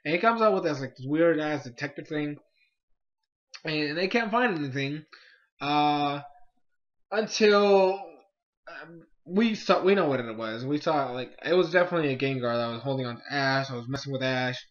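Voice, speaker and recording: A young man with a fairly high voice chats through an episode review, rambling and excitable with plenty of fillers. The recording sounds dull and lo-fi, like a cheap home mic. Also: normal speed. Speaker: YouTube anime reviewer.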